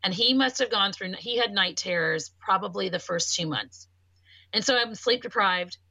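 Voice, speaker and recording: Bright-voiced woman telling a personal story. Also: mid-range voice, normal speed, gravelly, no room sound. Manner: voices quoted speech. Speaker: podcast talker. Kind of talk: casual conversation.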